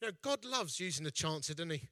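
A man's voice: on the high side, big pitch swings, quick pace, sharp tone, no room sound. A man preaching in a chatty, jokey storytelling way. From East London, England. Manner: jokey, chatty, self-mocking. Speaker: evangelist speaker, festival founder. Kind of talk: storytelling sermon.

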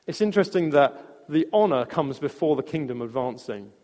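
A man preaching a sermon, telling a story in a conversational way with restarts and soft laughs. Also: on the high side, expressive, fairly quick. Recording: long reverb of a large hall.

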